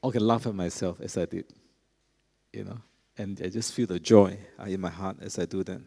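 Middle-aged pastor preaching in a reverberant church. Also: male voice, deep voice, fairly even intonation, a little fast, creaky, dark tone, slightly rough. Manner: conversational preaching with asides to the congregation. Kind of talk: sermon. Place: large church. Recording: long reverb of a large church.

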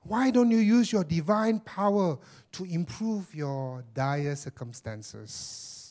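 A man's voice: lively intonation, slow pace, darkish tone. Man putting on a sinister taunting devil. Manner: taunting rhetorical questions, raised pitch. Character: sinister tempting male devil, taunting and persuasive.

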